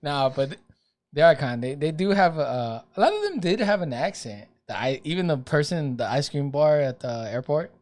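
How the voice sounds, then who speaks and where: A young man co-hosting a beer podcast, loud and joking, swearing freely and slipping into put-on voices. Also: on the high side, very animated, normal speed. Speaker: podcast co-host. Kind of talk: casual chat.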